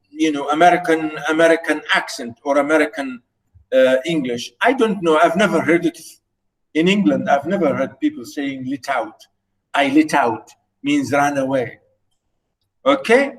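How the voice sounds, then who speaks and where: Slightly high and expressive, this middle-aged lecturer's voice comes through poor audio. His first language is Arabic, and he teaches literature online in a halting way, full of fillers and repeats.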